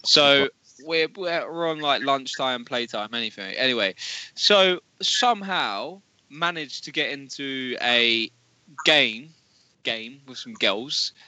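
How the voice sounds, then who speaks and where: A man's voice: medium pitch, takes it slowly, bright, forceful tone, no room sound, low-quality recording. A man telling rambling childhood stories in casual chat, laughing and swearing as he goes.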